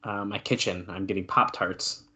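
A young adult man co-hosting a casual wrestling watch-along podcast, excitedly calling the moves and chatting between them. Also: sits low, normal speed. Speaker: podcast co-host.

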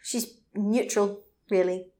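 A woman chatting casually as a co-host, recapping a video game. She is animated and laughs easily, tossing in quick asides. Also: mid-range voice.

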